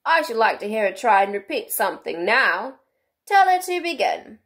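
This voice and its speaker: A woman voicing the sad male Mock Turtle in a bedtime storybook reading, lifting her voice high and drawing it out. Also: big pitch swings, normal speed, a bit bright. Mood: plaintive.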